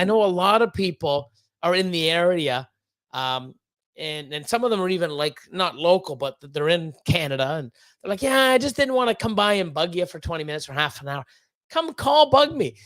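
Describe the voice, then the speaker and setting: A man's voice: high-pitched, fairly bright tone, dry recording. A man hosting a casual livestream, rambling and swearing, with lots of fillers and repeated words. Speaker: livestream host.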